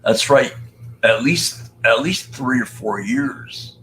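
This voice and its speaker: An older man hosts a casual live stream, joking and greeting viewers by name. His voice is bright and forward, and he takes his time. A faint noise sits under the recording. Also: mid-range voice, slow pace, low-quality recording. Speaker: live-stream host reading chat.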